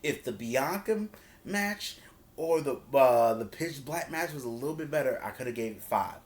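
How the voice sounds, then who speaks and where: Animated man recapping wrestling. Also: medium pitch, normal speed. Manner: animated storytelling, acts out quotes in slang. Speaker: wrestling reviewer. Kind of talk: casual review recap.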